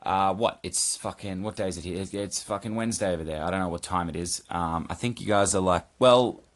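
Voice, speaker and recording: A man with a low voice talks off the cuff in a solo podcast check-in from home. He rambles, swears a lot and jokes at his own expense, breaking off to scold his cat. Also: fairly even intonation, quick pace. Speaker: podcast host.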